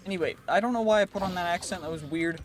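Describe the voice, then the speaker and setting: A man giving chatty gameplay commentary as a channel host, thinking aloud and reacting quickly to what happens on screen. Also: sits high. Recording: voice over background music. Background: background music.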